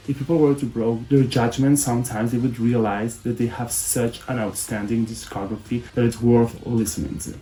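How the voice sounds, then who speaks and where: A young man hosting a fan vlog, talking casually in a soft, lower-toned way and sounding deeply emotional. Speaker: fan channel host. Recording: roomy echo with faint music behind.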